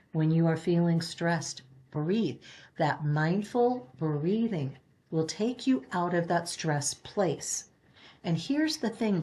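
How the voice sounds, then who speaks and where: A woman giving a spiritual reading, talking in an earnest, gentle way that rambles and restarts as she explains. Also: lowish voice. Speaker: spiritual reader. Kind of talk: spiritual guidance talk.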